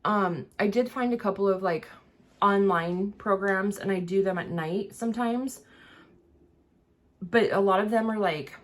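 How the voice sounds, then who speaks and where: While getting ready, a woman vlogger chats in a mid-range voice at a measured pace. The talk is rambling and casual, crowded with fillers and restarts, and she slightly struggles to pronounce words clearly.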